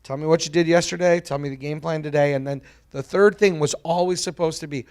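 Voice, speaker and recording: A man's voice: on the high side, steady tone, fairly quick, darkish tone, smooth. Earnest man making a point. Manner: earnest, preachy, asks rhetorical questions. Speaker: panelist. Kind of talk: casual panel discussion.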